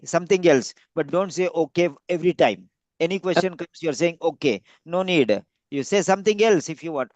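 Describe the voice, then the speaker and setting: A man's voice: on the high side, expressive, a little fast, darkish tone, no room sound. A man tutoring a speaking-test candidate, giving patient, repetitive feedback with frequent fillers. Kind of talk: giving feedback in a practice session.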